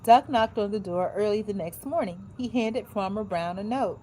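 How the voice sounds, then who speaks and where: A woman's voice: medium pitch, normal speed, dark tone, a little hiss or hum, poor audio. A woman in a casual vlog who reads a children's book aloud and chats between pages, with colloquial, joking asides. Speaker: vlogger. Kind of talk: casual chat and reading aloud.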